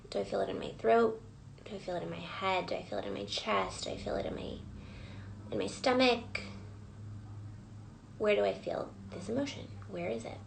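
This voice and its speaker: A woman's voice: medium pitch, vocal fry, slight background noise, low-quality recording. A woman coach leading a live guided reflection session, prompting listeners with repeated questions. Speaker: emotional wellness coach.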